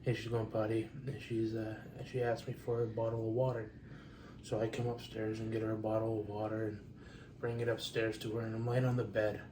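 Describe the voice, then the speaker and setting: Man, podcast co-host, monotone, far from the mic in a roomy space, noisy. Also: fairly low pitch. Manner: halting, frequent "um" restarts. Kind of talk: casual chat. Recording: roomy, distant mic with clear background noise.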